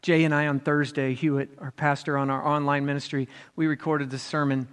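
Male pastor, sermon delivery, fairly high voice, long hall reverb. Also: a little fast, clear, resonant tone. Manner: building to an animated, rousing delivery.

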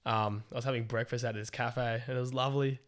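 A young man co-hosting a casual podcast, swearing often as he tells animated stories. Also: mid-range voice, quick pace. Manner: crude, swears a lot, animated storytelling. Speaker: podcast co-host.

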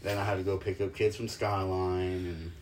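A young man, a stepdad, telling stories in casual chat, animated and swearing, often laughing. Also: sits low, normal speed, noisy background.

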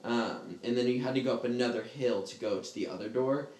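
A man's voice: medium pitch, brisk, darkish tone. Casual male storyteller, rambling and laughing, fillers galore, roomy echo. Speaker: storyteller in a group chat. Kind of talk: casual chat.

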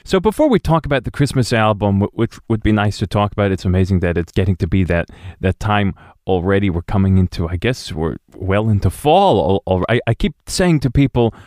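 A man's voice: on the low side, lively intonation, a little fast, few pauses, a little mellow, no echo, clean studio sound. A man hosting an interview, chatting casually with frequent stammered restarts. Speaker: interviewer host, cellist. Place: rural home.

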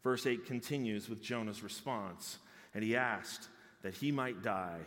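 A male pastor preaching an expository sermon, swinging between loud exclamations and hushed, intimate tones. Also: fairly low pitch, moderate pace. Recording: long hall reverb.

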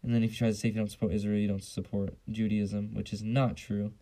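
A man's voice: on the low side, level tone, fast talker, warm tone, rough recording. A young man hosting a casual solo podcast, blunt and profane, rambling with lots of fillers on a basic home mic. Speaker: podcast host.

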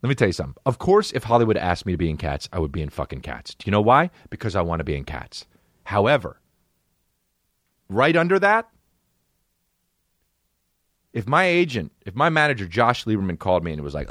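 A male comedy podcast host ranting excitably, with lots of swearing and quick impressions. His pitch swings all over as he talks. The sound is dry and close, with no room around it. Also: no room sound. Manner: excitable, swearing, jumping between voices. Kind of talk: profane comedic rant.

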